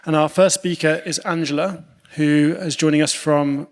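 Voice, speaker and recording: A man's voice: fairly high pitch, fairly even intonation, moderate pace. A man chairing a conference session, giving brief, informal introductions. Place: lecture hall. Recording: long hall reverb.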